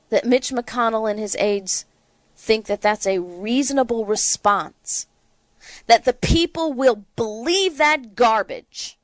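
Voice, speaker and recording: A woman's voice: a little high, dry recording. A woman hosting a political talk show, delivering sarcastic, indignant commentary.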